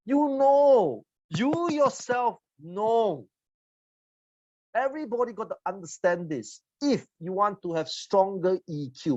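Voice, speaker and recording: A man's voice: on the high side, no echo. Blunt, teasing man in his forties. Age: 40s. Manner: blunt, teasing, swings between loud and quiet. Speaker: seminar trainer. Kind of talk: motivational seminar talk. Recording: dull lo-fi audio.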